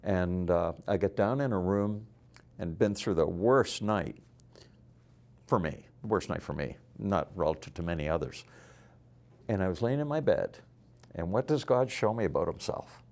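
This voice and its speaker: Older male guest, very low-pitched, earnest and halting testimony. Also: expressive, darkish tone. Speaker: guest, business leader. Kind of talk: personal storytelling.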